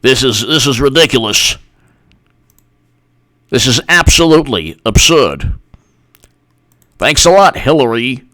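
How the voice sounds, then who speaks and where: A man's voice: medium pitch, lively intonation, unhurried, long pauses, sharp tone, dry recording, studio quality. A man putting on a mock impression of an aggrieved male senator, indignant and sarcastic.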